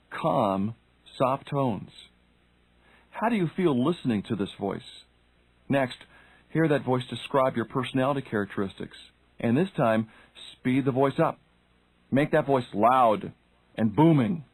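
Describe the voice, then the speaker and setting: A husky, slightly mellow mid-range male voice narrates a scripted self-help audiobook, addressing the listener directly and posing questions. The recording is dry and rough.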